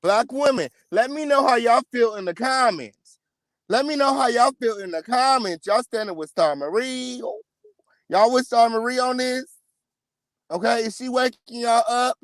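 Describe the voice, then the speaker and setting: A man with an unusually high voice runs a celebrity gossip commentary. He swears often and hammers his points by saying them twice. The sound is dead dry, with no room around it. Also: animated, normal speed, fairly bright tone, no echo. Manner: profane, emphatic, repeats lines for effect.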